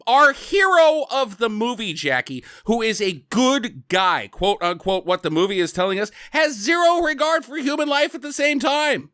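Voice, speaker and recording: A man with a high, bright voice that swings all over the place, cracking sarcastic jokes about a film. He sounds close and dry, with no room sound. His delivery is animated, full of quick asides. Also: clear, resonant tone, dry recording. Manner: animated, sarcastic, bursts of laughter. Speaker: podcast co-host. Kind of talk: casual movie-review banter.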